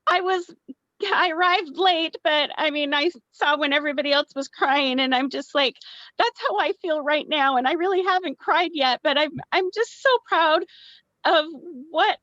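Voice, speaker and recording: A woman's voice: high-pitched, moderate pace, a bit bright, dry recording, muffled recording. A woman thanking her team, emotional and grateful, on a group call. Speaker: team member. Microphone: online group call.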